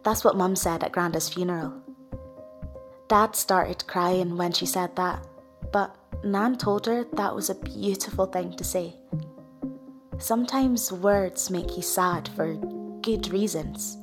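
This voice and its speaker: A woman gently reading a first-person storybook as a child narrator. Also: lowish voice, slow pace, over music. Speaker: audiobook reader.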